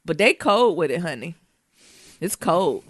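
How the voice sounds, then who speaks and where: An animated woman trading casual stories on a podcast, laughing often and cursing freely. Her pitch swings widely as she talks. The recording is close and dry. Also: a little slow, no room sound. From Detroit, USA. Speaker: podcast co-host. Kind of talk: casual chat.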